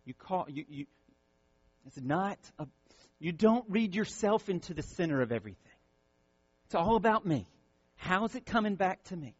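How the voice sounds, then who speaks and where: Impassioned preacher, dull dry sound. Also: male voice, sits high, very animated, normal speed, pauses often, slightly rough, no echo. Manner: impassioned, repeats words, builds to loud peaks then drops soft. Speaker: pastor. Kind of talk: sermon.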